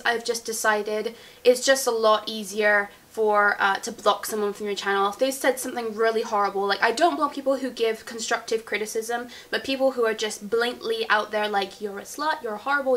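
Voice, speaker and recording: A young woman with a fairly high voice chats casually through a viewer Q&A. She rambles and giggles as she goes. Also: steady tone, a little fast, a bit bright. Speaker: beauty vlogger. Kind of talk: casual Q&A chat.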